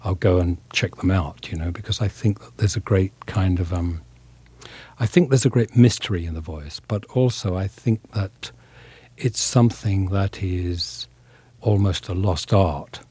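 A man from England speaks in a very low, husky voice, thoughtful and measured as he searches for his words. He is an actor giving an interview, recorded close and dry. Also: mellow, dry recording. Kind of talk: reflective interview talk.

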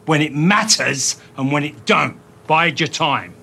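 Film role: tough Cockney ex-con, cool menace, slangy, slightly raised pitch. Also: male voice, expressive, vocal fry, bright, forceful tone, slightly rough, heavily acted. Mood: coolly menacing. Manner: street-tough, slangy, deliberate. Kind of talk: film acting.

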